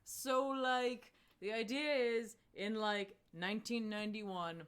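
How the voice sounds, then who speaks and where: A woman co-hosting a comics podcast, casually recapping a book in a chatty, filler-heavy way with lively swings in pitch. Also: takes it slowly, smooth.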